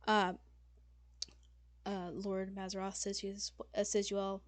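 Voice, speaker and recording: A woman's voice: mid-range voice, completely flat delivery, unhurried, long pauses, dry recording. A woman game master narrating a tabletop game in a loose, casual way, full of fillers and swearing.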